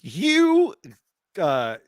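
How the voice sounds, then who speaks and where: A man narrating as game master of a tabletop game, laughing often and talking in an unhurried way with fillers. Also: high voice, huge pitch swings, clean tone, no room sound, studio quality.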